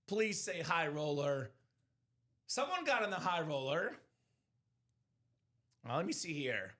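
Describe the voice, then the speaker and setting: A high, bright male voice that swings up and down with lively emphasis. He hosts a live memorabilia break stream with energetic, jokey sales patter, peppered with fillers. He sounds like he is talking from a streaming studio. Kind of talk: upbeat sales patter and banter.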